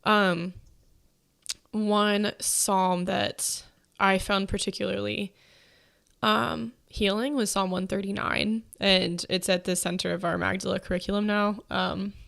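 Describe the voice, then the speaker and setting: A woman's voice: medium pitch, little pitch movement, takes it slowly, creaky, a bit bright. Young female host, pregnant, loose conversational delivery full of fillers. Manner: chatty, many fillers and likes. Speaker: podcast host. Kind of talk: casual faith-based chat.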